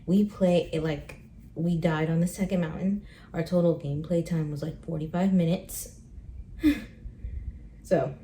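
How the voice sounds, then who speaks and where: A woman's voice: low-pitched, warm tone, a little hiss or hum. A young woman vlogging casually at home about books and her day. She sounds chatty and upbeat and fills her talk with "like" and "um". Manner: chatty and upbeat, with frequent fillers. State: pregnant. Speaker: book vlogger. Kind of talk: casual vlog chat.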